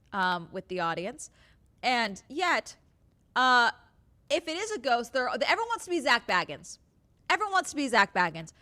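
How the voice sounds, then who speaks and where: A woman streamer chatting casually to her live chat as she reacts to videos, animated and exclamatory, with quick asides. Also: on the high side.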